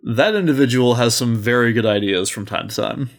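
A podcast co-host chats casually with a mid-pitched voice. The tone is teasing and playfully bossy toward the co-host. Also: fairly quick. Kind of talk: casual chat.

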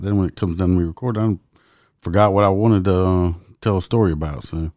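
A man's voice: low voice, fast talker, warm tone, dry recording, studio quality. A man, a host telling a casual, profane story and laughing as he goes. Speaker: podcast host and police officer.

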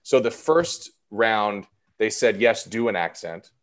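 A man's voice: lowish voice, lively intonation, slow. A man in his thirties, an actor guest talking casually and a bit self-deprecatingly in an interview. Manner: chatty and self-deprecating, many fillers.

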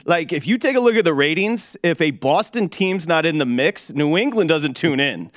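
Dry, wry sports radio host. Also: male voice, a little high, lively intonation, moderate pace, no echo. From Detroit. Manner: wry, teasing, mock-solemn. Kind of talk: sports betting radio chat.

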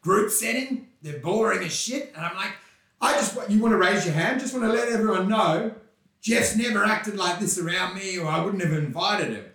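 A man co-hosting a casual comedy podcast, animated and full of swearing and mocking impressions. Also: high voice, moderate pace, far from the mic. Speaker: podcast co-host. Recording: roomy, off-mic.

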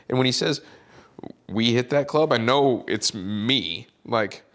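A man who works as a caddie, telling a story in a podcast chat and acting out the quotes with animated delivery. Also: mid-range voice, moderate pace.

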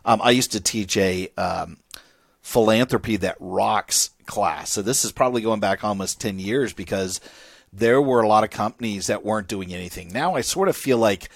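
A man co-hosting a podcast, talking in an animated, persuasive way and often repeating words. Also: lowish voice, moderate pace, creaky, dry recording, clean studio sound. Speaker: podcast co-host and speaker. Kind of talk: conversational podcast chat.

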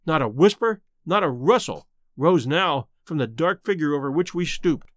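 A man narrating a classic novel as an audiobook in a dramatic, expressive way. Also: on the high side, normal speed, no room sound.

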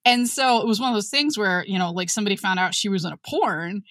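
A woman with a bright, clear voice tells stories in a blunt, animated way. The sound is dry and close to the mic. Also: mid-range voice, quick pace, no room sound. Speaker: author and former school staff. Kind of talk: casual podcast chat.

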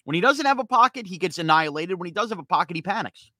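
A man hosting a sports podcast, ranting heatedly in a rapid-fire, fired-up way that gets loud at times. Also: high voice, expressive, no echo. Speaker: sports talk podcast host.

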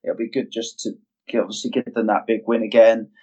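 A man's voice: fairly low pitch, level tone, brisk, a little mellow, breathy edge. A man co-hosting a casual podcast, talking in an emphatic, opinionated way. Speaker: podcast co-host. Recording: dull lo-fi audio.

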